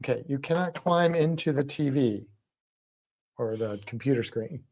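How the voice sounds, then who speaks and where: A man's voice: mid-range voice, moderate pace, darkish tone. Casual man hosting a trivia livestream. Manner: reads out trivia questions and chat comments, laughs often.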